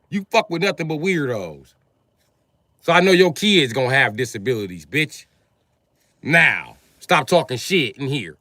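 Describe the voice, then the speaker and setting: Man, livestream host, profane rant, combative, bright sharp voice, dry close sound. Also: medium pitch, sing-song, moderate pace, no echo. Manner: profane, combative, swings between yelling and muttering. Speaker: livestream host moderating chat. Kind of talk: heated livestream rant at chat.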